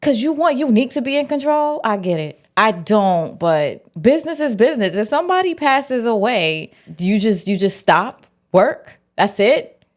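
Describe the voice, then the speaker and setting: Slangy, animated woman recapping a TV episode. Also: on the high side, normal speed. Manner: slangy, animated, acts out characters' lines. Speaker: TV recap host. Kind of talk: casual TV episode breakdown.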